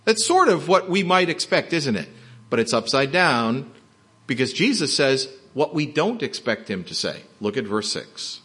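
A man's voice: medium pitch, very animated, normal speed, fairly bright tone, slightly rough. A man preaching a sermon, explaining a Bible passage with emphatic rhetorical questions. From not from Texas. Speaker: pastor.

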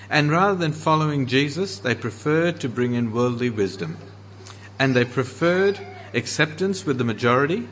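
An earnest man preaching a sermon as pastor, slowing down to stress the scripture he quotes. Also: medium pitch, fairly bright tone, slight background noise.

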